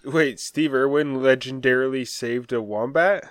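A man's voice: medium pitch, a little slow. A man co-hosting a podcast, reading out news headlines and joking about them. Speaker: podcast co-host. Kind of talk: casual comedic banter.

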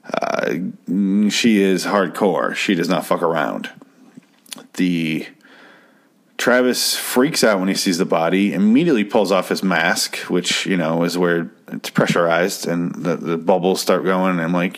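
Low-voiced man ranting through a recap. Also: a little slow. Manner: rambling, sarcastic, swears freely. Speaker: TV episode recapper. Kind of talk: casual profane recap.

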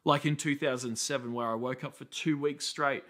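An Australian man in his thirties preaching a sermon as a pastor, telling stories in a conversational way with quick asides. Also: mid-range voice, steady tone, fairly bright tone.

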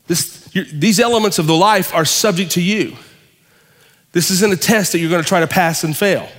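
A pastor speaking as God the creator, in earnest, measured first-person address. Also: male voice, high voice, natural voice. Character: God, an all-knowing calm male creator. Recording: long hall reverb.

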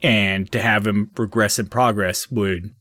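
A man's voice: fairly low pitch, fairly even intonation, unhurried, sharp tone, no echo, studio quality. A man voicing a stern male afterlife records clerk who speaks bluntly and by the rules. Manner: blunt, bureaucratic.

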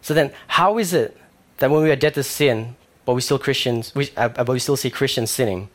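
A young man preaching a sermon in a conversational way, with fillers and animated stories. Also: mid-range voice, a little fast.

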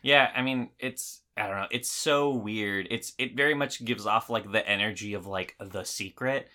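A man's voice: lowish voice, moderate pace, pushed and bright. A man in a casual film discussion, picking a movie apart with sarcasm and plenty of fillers. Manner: critical, sarcastic, many fillers and restarts. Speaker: podcast co-host.

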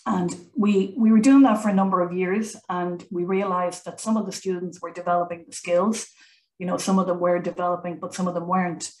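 A woman's voice: lowish voice, steady tone, brisk, a little mellow, roomy sound, poor audio. A woman, a college founder chatting as an interview guest, talkative with many fillers and restarts. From Ireland. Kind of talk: conversational interview.

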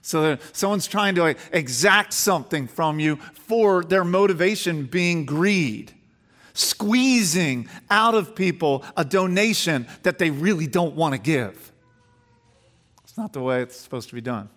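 A man preaching to his congregation in a church with a long, ringing reverb. His voice sits high, and he questions the listeners and builds to emphatic, rising passages. He often repeats and restarts phrases. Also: expressive, a little slow, fairly bright tone. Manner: emphatic preaching that rises in pitch and volume as he builds. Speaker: pastor. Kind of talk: sermon.

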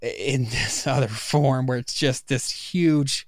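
A man's voice: medium pitch, slow pace, no room sound, clean studio sound. A man co-hosting a podcast, chatting loosely about comics, swearing now and then as he retells scenes. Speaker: podcast co-host. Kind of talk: casual chat about comics.

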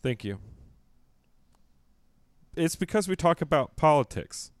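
A man's voice: on the high side, very animated, measured pace, no room sound. A man co-hosting a podcast, riffing in a wry, mock-serious way through casual comedic chat. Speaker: podcast co-host.

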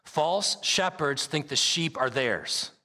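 A man's voice: fairly high pitch, lively intonation, takes it slowly, sharp tone. A man preaching a sermon as pastor, reading scripture aloud and stressing his points by repeating them. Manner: emphatic preaching with repeated phrases; reads scripture aloud at length. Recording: long hall reverb.

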